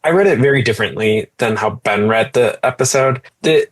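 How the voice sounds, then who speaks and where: Hesitant man with a husky voice. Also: mid-range voice, a little fast. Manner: hesitant, many restarts while checking notes. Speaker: podcast co-host. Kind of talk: casual discussion.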